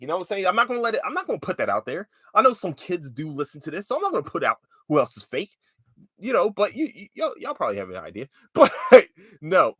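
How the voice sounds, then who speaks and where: A man's voice: medium pitch, a bit bright, no room sound, clean studio sound. A man in his late twenties or thirties hosting a solo podcast, chatting casually in a loose, rambling way, with frequent swearing and filler words. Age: late 20s to 30s. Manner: rambling and profane, with lots of fillers and loose tangents. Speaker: podcast host.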